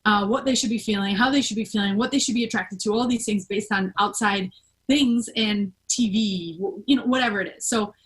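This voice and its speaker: A woman hosts a relaxed podcast conversation, talking things through as she goes. Her voice sits at an ordinary middle pitch, and she wanders through her thoughts with plenty of fillers and restarts. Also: brisk, poor audio. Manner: rambling, thinks aloud with many fillers. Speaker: podcast host. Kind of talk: casual conversational chat.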